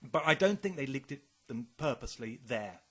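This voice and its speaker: A man's voice: medium pitch, animated, a little fast, bright, forceful tone, slightly rough. A man co-hosting a casual podcast chat, rambling and speculating, swearing often. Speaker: podcast co-host.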